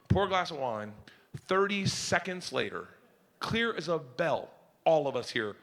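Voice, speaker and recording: A middle-aged man telling a stand-up comedy story in a loud, animated, brash way. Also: a little high, a little slow, creaky.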